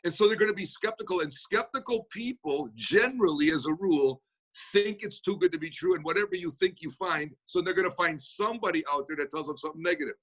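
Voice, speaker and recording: Fast-talking, bright-voiced man. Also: high voice. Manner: fast-talking, energetic, folksy. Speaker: speaker answering audience questions. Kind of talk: motivational Q&A talk. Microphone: video call.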